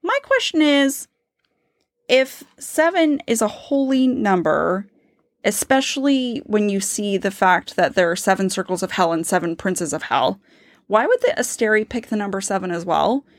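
Brief: woman podcast co-host, mid-pitched, dry close sound, eager and theorizing. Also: lively intonation, moderate pace, dry recording. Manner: enthusiastic, theorizing, reads quotes aloud. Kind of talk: casual book-discussion chat.

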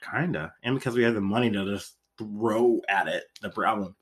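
A man's voice: fairly low pitch, normal speed, slight background noise. A young man co-hosting a podcast in casual comedic chat, rambling with lots of "like" and free swearing. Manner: animated, rambling, heavy use of "like", swears freely. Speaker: podcast co-host.

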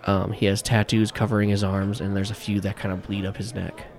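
A man narrating a tabletop game as game master, in a rambling, halting way full of fillers. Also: on the low side, little pitch movement, creaky, darkish tone.

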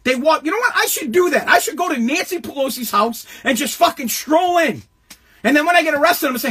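A man hosting a political commentary show, delivering a heated, mocking rant full of swearing and frequent shouting. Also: extremely high pitch, lively intonation, fast. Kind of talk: profane political rant monologue.

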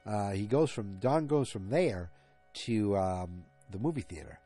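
Lowish-voiced guy recapping a tv episode, rambly and jokey, faint music behind. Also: animated, measured pace, mellow. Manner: rambling, jokey, self-interrupting. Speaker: podcast host.

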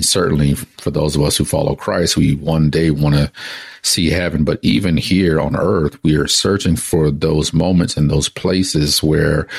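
A man's voice: a bass voice, vocal fry, slightly rough, dry recording, studio quality. A male pastor preaching a conversational sermon that opens with a joke told as a story.

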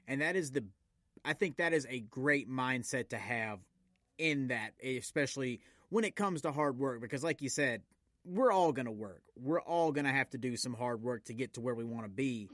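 A man's voice: mid-range voice, moderate pace, a bit bright, no echo, clean studio sound. A man hosting a podcast interview, casual and encouraging, affirming his guest. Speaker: podcast host.

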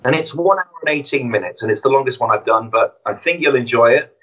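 A man's voice: medium pitch, animated, quick pace, fairly bright tone, highs cut off. A man who is a podcast guest, telling a moving story and talking about his podcast with hesitant restarts. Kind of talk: casual interview chat.

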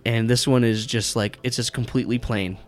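A man's voice: mid-range voice, fairly even intonation, a little fast, soft background music. A man narrating as game master in a tabletop game, rambling with lots of fillers and swearing.

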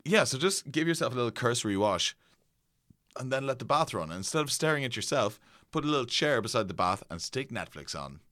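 A man's voice: mid-range voice, big pitch swings, fairly quick, pushed and bright, no room sound, clean studio sound. A man co-hosting a casual podcast, teasing his co-host and confidently explaining things.

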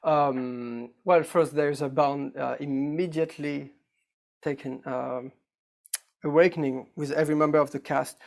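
This is a man with a French accent answering questions in English, a native French speaker. His voice is gravelly and sits a little high. He hesitates often and searches for the right words. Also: steady tone, a little slow, darkish tone. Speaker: actor guest. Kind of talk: casual interview answers.

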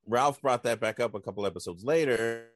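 A man's voice: medium pitch, brisk. A man hosting a podcast, recapping segments in a dry, rambling casual chat. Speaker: podcast host.

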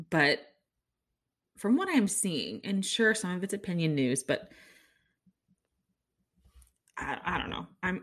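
A young woman with a low-pitched, slightly bright voice hosts her own podcast. Her casual solo commentary rambles, sounds incredulous and is full of restarts.

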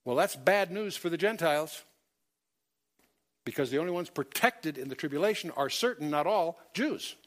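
A man's voice: fairly high pitch, lively intonation, normal speed. A man teaching a Bible study lecture, emphatic, quoting scripture in old-fashioned wording, with many fillers and self-corrections. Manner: emphatic, quotes scripture in King James wording.

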